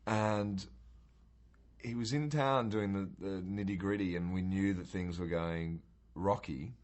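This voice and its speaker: A man's voice: low-pitched, steady tone, unhurried, a little mellow. A man, a cast member, talking reflectively in an interview with loose, thoughtful phrasing.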